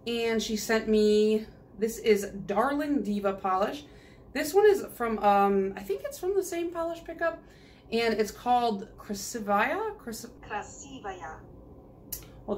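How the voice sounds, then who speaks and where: A woman's voice: on the high side, a little hiss or hum. A woman nail polish vlogger chatting casually through a haul video, rambling and giggling as she goes.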